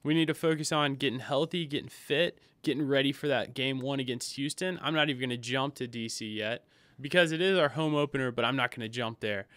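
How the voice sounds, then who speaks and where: Excitable man with a bright, crisp voice. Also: mid-range voice, fairly quick, dry recording. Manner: excitable, rambling with frequent restarts. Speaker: podcast co-host. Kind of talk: casual sports chat.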